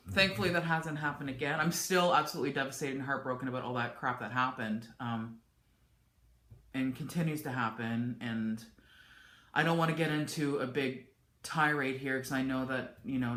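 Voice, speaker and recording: A woman's voice: very deep voice, a bit bright, roomy sound, slight background noise. A woman chatting candidly to camera from her home office, rambling with frequent restarts. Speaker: vlogger. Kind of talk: casual chat to camera.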